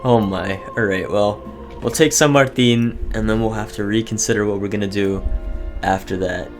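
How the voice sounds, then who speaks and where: A young man giving casual, excitable commentary over a strategy game, reading game events aloud. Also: on the low side, normal speed. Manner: chatty, excitable, reads in-game text aloud. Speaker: gaming video host. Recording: faint music behind.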